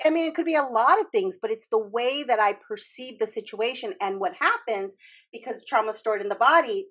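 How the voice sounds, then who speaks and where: A woman's voice: a little high, fairly bright tone. A woman hosting a casual talk, explaining earnestly with frequent restarts and the odd swear word. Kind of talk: casual podcast chat about trauma healing.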